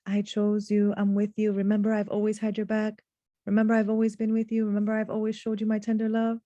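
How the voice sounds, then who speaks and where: A woman teaching a reflective lesson on scripture, earnest and deliberate, drawing out the words she wants to stress. Her voice is mellow and soft-edged. The sound is close and dry. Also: mid-range voice, monotone, no echo, muffled recording. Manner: earnest, slows to stress key words, recites Arabic verses. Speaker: Quran teacher.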